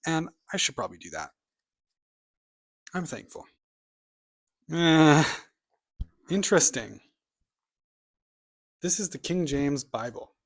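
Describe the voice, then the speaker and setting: A man's voice: a little high, lively intonation, takes it slowly, pauses often. A man vlogging casually about the books on his shelf, opinionated and rambling, with offhand asides and the odd muttered remark. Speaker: booktube vlogger.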